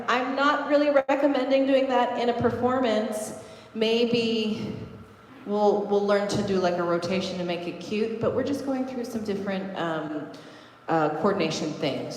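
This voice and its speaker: A woman's voice: mid-range voice, darkish tone, slight background noise. A woman teaching a belly dance class online, counting beats and cueing moves as she demonstrates. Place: large echoey dance studio. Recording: echoey studio with long reverb.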